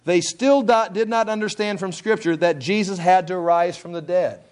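Guy with a high voice going through a bible passage, chatty, retells it in his own words, restarts a lot. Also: normal speed, a little mellow, clean tone. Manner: retells scripture in his own words with restarts, briefly acting out the people's lines. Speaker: preacher teaching the Bible. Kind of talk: conversational Bible teaching.

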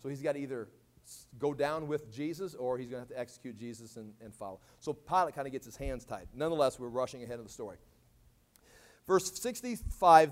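A man teaching a sermon verse by verse, casually explaining and acting out quoted lines in dramatic voices. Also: quick pace. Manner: animated, acts out quoted lines with big swings in pitch and volume. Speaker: Bible teacher. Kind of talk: expository sermon.

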